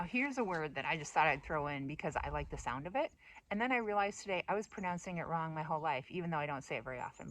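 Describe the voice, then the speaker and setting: A woman's voice: fairly low pitch, a bit bright. Playful, rambling middle-aged woman. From United States. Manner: playful, rambling, self-mocking. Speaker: vlogger. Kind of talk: casual monologue.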